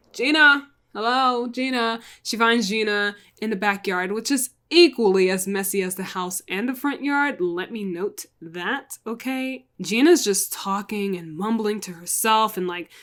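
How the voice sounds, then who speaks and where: A woman's voice: medium pitch, fairly bright tone. A chatty woman casually retelling a crime story, full of "like" and asides to viewers. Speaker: storytelling vlogger.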